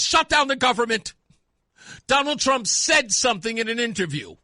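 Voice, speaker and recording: High, bright, sarcastic radio host man. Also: very animated, normal speed, no echo, clean studio sound. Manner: sarcastic, mocking, bursts into shouting. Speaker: radio talk show host. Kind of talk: talk radio commentary.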